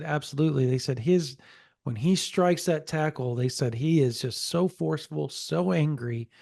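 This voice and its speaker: A man co-hosting a sports podcast, telling a story in a casual, animated way and relaying a source's quotes. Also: fairly high pitch, creaky, dry recording, studio quality. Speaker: podcast co-host.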